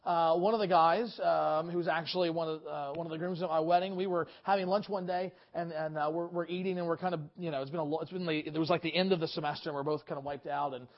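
A man with a high voice preaches an earnest sermon, stumbling now and then on fillers and false starts. The recording sounds dull and lo-fi, with a muffled top end. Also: fairly even intonation, quick pace, hardly any pauses. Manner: earnest, frequent fillers and restarts. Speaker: pastor. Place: church service.

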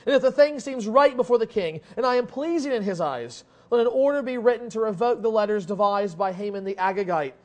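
A man's voice: high voice, fairly quick, hardly any pauses. A man preaching a sermon, reading scripture dramatically with strong emphasis and explaining it in conversational asides. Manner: conversational asides with small restarts.

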